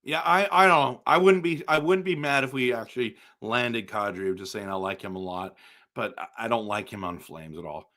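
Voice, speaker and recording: A man hosting a casual live stream for viewers, excitable and exasperated, breaking into loud outbursts. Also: medium pitch, moderate pace. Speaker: livestream host.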